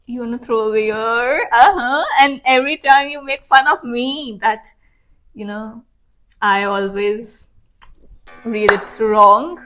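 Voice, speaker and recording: A woman's voice: fairly high pitch, slow pace, fairly bright tone, poor audio. A woman co-hosting a music reaction video, teasing her co-host in casual chat. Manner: teasing, playful.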